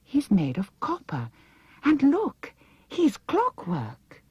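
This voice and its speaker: An earnest young girl, as a woman reading aloud puts her on, her British voice lifted far above the reader's own, urgent and pleading. A husky, breathy grain sits under it in a dry, close recording. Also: a little high, sing-song, a little slow, a little mellow, no echo, pitched above the performer's own voice, heavily acted. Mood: curious. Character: frightened determined young girl.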